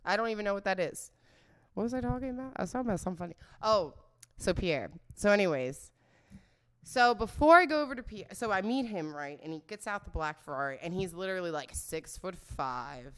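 A woman's voice: lowish voice, a bit bright. A young woman telling a candid, profane dating story in casual chat, giggling as she goes.

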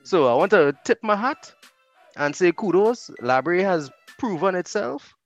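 A man with a Trinidadian accent, a radio host chatting as a podcast guest, telling animated stories. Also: sits high, a little slow, lo-fi sound, soft background music. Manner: animated storyteller, laughs easily. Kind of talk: casual chat.

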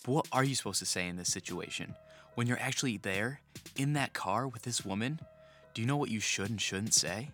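A man giving scripted podcast narration in a measured way, posing questions to the listener. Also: lowish voice, fairly bright tone, faint music behind.

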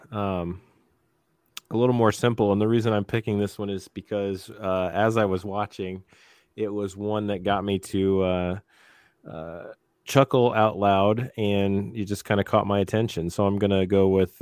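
A man's voice: fairly low pitch, darkish tone, clear, resonant tone, no echo, studio quality. A man co-hosting a podcast in casual chat, easygoing and hesitant. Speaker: podcast co-host.

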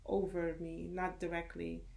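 A middle-aged woman from Suriname and the Netherlands, a podcast guest telling family stories in a rambling, animated conversational way. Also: lowish voice, unhurried, creaky. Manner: rambling, animated storytelling with laughter. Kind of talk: casual conversation.

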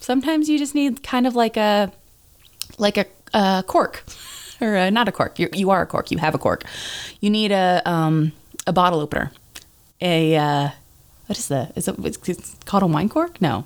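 A woman's voice: mid-range voice, animated, moderate pace. A woman podcast host in casual chat, rambling and self-deprecating, with many fillers and restarts.

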